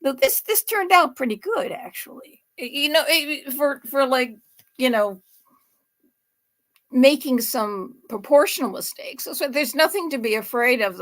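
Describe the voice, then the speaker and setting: A woman's voice: high voice, expressive, measured pace, a bit bright. A woman hosting a home cooking show, talking through a recipe in a chatty, rambling way that wanders off topic and corrects itself. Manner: chatty, digressive, self-correcting with laughs.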